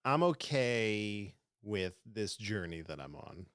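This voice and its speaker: A man co-hosting a podcast in an easygoing, thoughtful manner. He speaks slowly and weighs his words, with a voice that rises and falls a lot. The sound is dry and close to the mic. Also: lowish voice, very animated, fairly bright tone, clean tone, no echo. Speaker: podcast co-host. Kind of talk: casual review chat.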